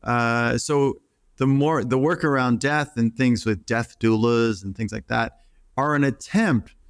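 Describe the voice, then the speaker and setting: A middle-aged man speaks in a middle-pitched voice, earnest and reflective, often restarting his sentences. The sound is close and dry with no room around it. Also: a little slow, smooth, dry recording. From United States. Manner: earnest, acts out quoted voices, many restarts. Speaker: psychotherapist guest. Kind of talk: reflective interview talk.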